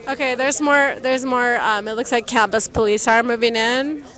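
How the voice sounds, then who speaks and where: A young woman livestreaming outdoors at a night protest from a handheld phone, talking casually to viewers and often shouting out. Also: on the high side, steady tone, normal speed. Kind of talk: live street commentary.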